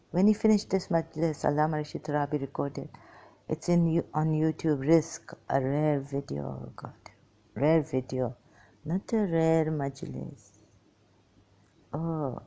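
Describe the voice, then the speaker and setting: A tired, weak woman rambling through a personal monologue for her vlog in halting, broken phrases. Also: deep voice, vocal fry, dark tone. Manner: halting, fragmented speech with many pauses. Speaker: vlogger.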